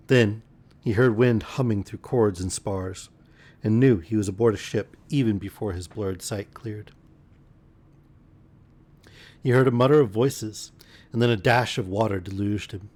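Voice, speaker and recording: A man reading a pulp fantasy novel aloud as a bedtime story, measured with occasional slips. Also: fairly low pitch, darkish tone.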